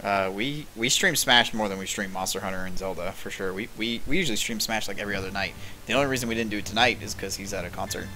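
Man in his twenties, game streamer, rambling casual chat, fillers and swearing, lowish voice, bright and punchy tone. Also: fast, a little hiss or hum. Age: 20s. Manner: rambling and laid-back, lots of fillers, swears.

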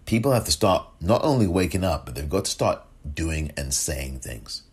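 A man's voice: sits low, sing-song, moderate pace, a little mellow, slightly rough. A man hosting a political podcast, delivering indignant solo commentary and mocking the people he talks about. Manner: impassioned, indignant; mocking impersonations of others.

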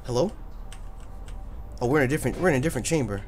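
A man hosting a let's play, commenting loudly and profanely, often yelling at the game. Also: mid-range voice, racing, faint music behind. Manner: loud, profane, excitable, yells at the game. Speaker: gaming channel host.

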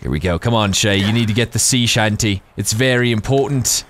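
A man giving casual, rambling let's-play commentary while gaming, excitable and quick to laugh. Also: on the low side, slight background noise. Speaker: gaming YouTuber.

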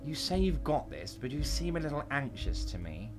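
An actor playing a large, genial but scheming male union boss in a video game, talking in a smooth, reassuring, faintly condescending way. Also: medium pitch, sing-song, normal speed, music in the background. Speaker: game character.

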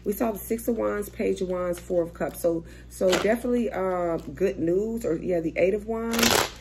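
A woman's voice: medium pitch, moderate pace, noisy background. A young woman doing a casual, chatty tarot reading, swearing freely and thinking aloud as she turns cards. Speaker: tarot reader.

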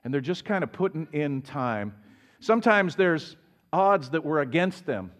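Male pastor preaching in church, fairly high voice that swoops up and down, plays out quotes. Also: unhurried. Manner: lively preaching with acted-out quotes and plain asides. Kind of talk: sermon. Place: church sanctuary.

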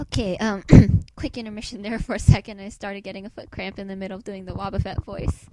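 A woman's voice: medium pitch, steady tone, fast talker, few pauses. A woman chatting casually in a solo vlog, hesitant and self-mocking, with many fillers. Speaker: vlogger. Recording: hissy home recording.

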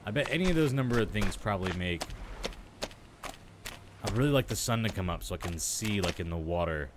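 An excitable man narrates his own gameplay in a chatty, running monologue, his pitch leaping up and down as he reacts. Loud steady noise and clicking sit behind his voice. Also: a little fast. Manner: chatty, excitable, talks to himself. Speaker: gaming video host. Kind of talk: let's play commentary.

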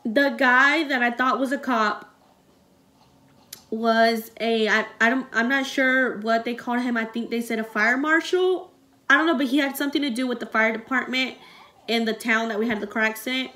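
A young woman talks straight to her audience in a rambling storytime vlog, full of fillers. Her voice sits a bit high, and she sounds close to tears as she recounts events. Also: moderate pace, sharp tone. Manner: rambling and emotional, many fillers. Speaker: vlogger.

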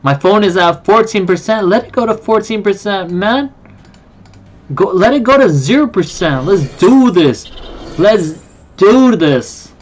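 A card game streamer chatting casually on a live stream, excitable and quick to apologize to viewers. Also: medium pitch. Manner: excitable, apologetic, talks to chat.

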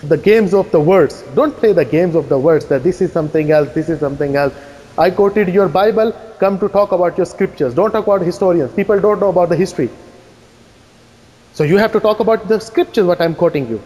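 A man giving a fast, insistent debate rebuttal, firing challenging questions at his opponent. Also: high-pitched, warm tone. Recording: echoey hall reverb.

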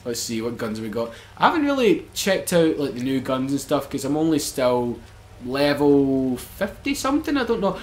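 A man commentates his gameplay in a high, lively voice that leaps all over the place. He is excitable, swears freely and keeps breaking into laughter. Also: moderate pace, a little hiss or hum. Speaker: gaming channel host.

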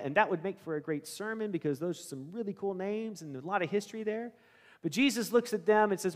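A male pastor with a high-sitting voice talks fast, with lively intonation, in a church sanctuary where a long reverb tail follows his words. His sermon is conversational, full of questions to the congregation and acted-out scenes.

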